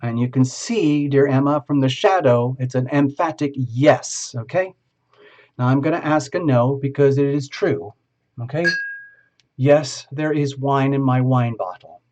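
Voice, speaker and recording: A man's voice: mid-range voice, measured pace, darkish tone. A man as a tarot reader, improvising a live reading and talking a viewer through each step.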